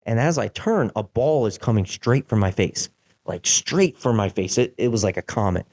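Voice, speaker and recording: A young man hosting a podcast, telling a casual story in an animated way, with lots of "like" fillers. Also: lowish voice, normal speed. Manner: animated, acts out quotes, many "like" fillers. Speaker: podcast host.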